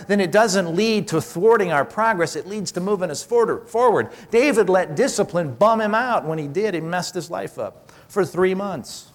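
A man preaching a sermon in a conversational way, asking the congregation questions and acting out what people in the passage say. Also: on the high side. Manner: conversational preaching with rhetorical questions and animated acted-out quotes. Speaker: pastor. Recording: long hall reverb.

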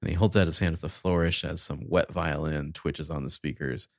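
Deep gravelly man, dry sardonic recap. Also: brisk, dry recording. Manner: sardonic, profane, reads quoted dialogue flatly. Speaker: podcast co-host recapping a TV episode. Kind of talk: casual recap chat with crude jokes.

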